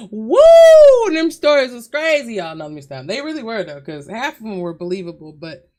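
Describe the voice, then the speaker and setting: A woman hosting a reaction video, chatting loosely with her viewers from a hot bedroom at home, swearing freely and calling them y'all. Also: on the low side. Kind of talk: casual chat to viewers.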